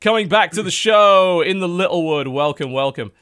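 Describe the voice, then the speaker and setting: A man's voice: high voice, animated, normal speed, a bit bright, smooth. A British man hosting a casual podcast chat, talking in a chatty, sardonic way and swearing freely. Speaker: podcast host.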